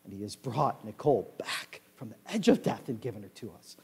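A male pastor preaching a sermon, reading scripture in a loud rising voice and dropping low for asides. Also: very animated, a little fast, gravelly, husky. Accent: American Midwest. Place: church sanctuary.

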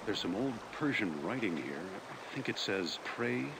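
Gravelly, low-voiced game explorer, matter-of-fact, heavy music under the lines. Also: male voice, sing-song, moderate pace, poor audio. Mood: musing. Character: gruff male adventurer-archaeologist exploring ruins. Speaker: game character. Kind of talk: video game dialogue.

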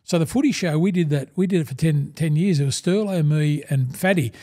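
An Australian man in his sixties spins yarns in a relaxed interview, his tone dark and mellow yet pitched a little high. He leans into quoted dialogue, calling everyone "mate". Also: a little fast. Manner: animated yarn-spinner, acts out quoted dialogue, says "mate" constantly. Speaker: guest, former rugby league player and broadcaster. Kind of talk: casual interview storytelling.

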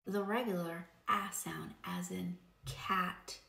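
A woman's voice: fairly low pitch, steady tone, slow, gravelly, bright, forceful tone. A woman giving phonics teaching tips, patiently demonstrating sounds and drawing out example words. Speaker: reading teacher. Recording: roomy echo.

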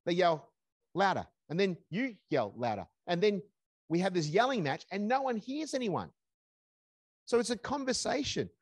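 An older man leading a parenting seminar, with a slightly high voice that rises and falls a lot. He talks in a conversational way and slips into calm parent dialogue. The sound is dry and close. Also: moderate pace, no room sound. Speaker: seminar speaker.

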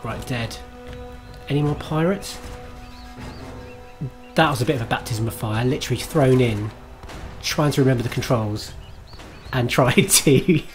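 Man, game streamer, self-mocking, chatty, game music behind, mid pitch. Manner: self-mocking, chatty, swears and laughs at his own play. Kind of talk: live gameplay commentary.

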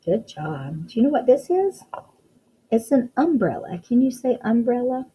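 A woman's voice: a little high, big pitch swings, normal speed, slightly rough, dull audio. A woman teaching a phonics lesson to young children, encouraging them and sounding out letters one at a time.

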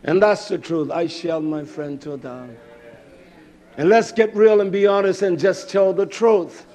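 A man preaching a fiery sermon, swinging from loud shouting to hushed near-whispers. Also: sits high, a little slow.

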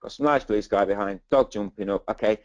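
A man's voice: on the low side, brisk, no echo, muffled recording. A man teaching dog photography in a webinar, chatty and enthusiastic, with many asides like "okay". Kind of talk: presenting slides in a webinar.

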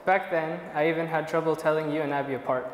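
A young man, the groom, reading his wedding vows softly and with emotion. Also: fairly high pitch, steady tone, fast talker, echoey room, long reverb tail, slight background noise, rough recording. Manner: soft, emotional, reading from notes.

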